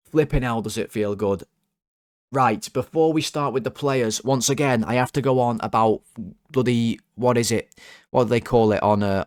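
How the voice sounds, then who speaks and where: An excitable man hosting a football fan channel, giving player ratings in a jokey, swearing rant from home. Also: no echo, clean studio sound. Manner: excitable, swears, jokey rants with big pitch jumps. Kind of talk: casual football ratings monologue.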